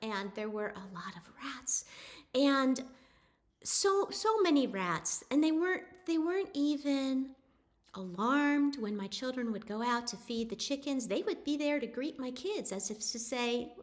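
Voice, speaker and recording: A middle-aged woman telling an animal story in a casual, animated way, often restarting her sentences. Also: high voice, measured pace. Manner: chatty, animated, with frequent restarts.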